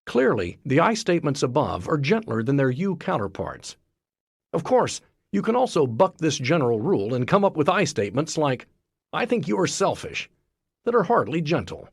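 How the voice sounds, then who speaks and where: Man narrating an audiobook, husky, fairly high voice, dry close sound. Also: big pitch swings, normal speed, dry recording. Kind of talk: scripted narration.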